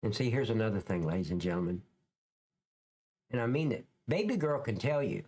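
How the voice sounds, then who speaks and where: A man's voice: on the low side, very animated, a little fast, a little mellow, slightly rough. A man, a former police officer, giving blunt, profane commentary over clips in a casual livestream, dragging out words for emphasis.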